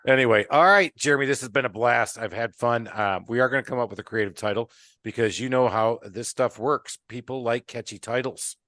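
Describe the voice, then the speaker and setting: A man's voice: medium pitch, a little fast, bright, forceful tone, dry recording, studio quality. A man hosting a podcast, chatting casually, joking around, swearing freely and hyping up his listeners. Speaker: podcast host. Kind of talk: casual chat.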